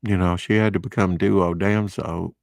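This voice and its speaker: A man's voice: sits low, steady tone, normal speed, vocal fry, darkish tone, no room sound, studio quality. A man giving casual, rambling commentary while unboxing comic books, with chatty, opinionated asides. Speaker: comic book vlogger.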